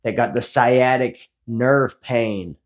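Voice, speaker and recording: A man's voice: mid-range voice, slow pace. A man in his forties giving a blunt, profane motivational talk after a workout, speaking as a fitness vlogger. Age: 40s.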